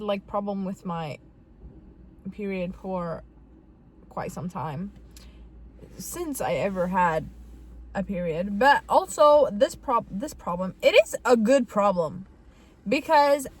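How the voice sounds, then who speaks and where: A young woman talks straight to her viewers in a casual vlog, drifting from thought to thought with plenty of fillers and giggles. Her voice sits a little high, and she takes her time, letting words stretch out unhurried. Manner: rambling, giggly and emotional, with many fillers. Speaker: vlogger.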